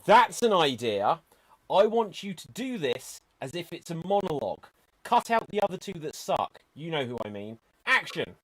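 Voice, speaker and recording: A man's voice: a little high, sing-song, moderate pace, fairly bright tone. A man playing an exasperated director in an improv comedy show, bossy and dramatic as he stops and restarts scenes. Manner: exasperated, bossy director, calls "cut" and "action".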